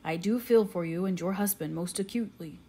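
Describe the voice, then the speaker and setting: A woman reading the lines of a gentle older English colonel who speaks quietly and gravely, like a doctor. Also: fairly low pitch, brisk.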